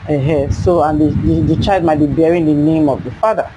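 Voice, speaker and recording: Animated Nigerian woman telling a story. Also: brisk, noisy background. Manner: animated, acts out her younger self with sudden high cries. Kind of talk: casual storytelling.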